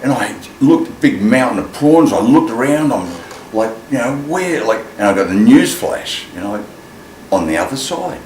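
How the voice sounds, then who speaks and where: A man telling a personal story in an animated way, acting out the voices in it. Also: mid-range voice, normal speed, hardly any pauses. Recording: echoey room with clear ambient noise.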